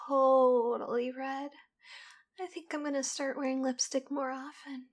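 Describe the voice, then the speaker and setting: High-voiced woman in whispered role-play. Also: little pitch movement. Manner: soft murmuring with breathy whispers; intimate, teasing and unhurried.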